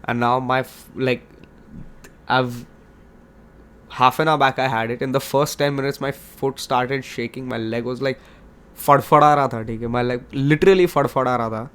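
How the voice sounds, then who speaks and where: Talking quickly, this twenty-something podcast host has an Indian accent and a clear, resonant, medium-pitched voice with a steady tone. He chats on his own show in an excitable, meandering, joking manner.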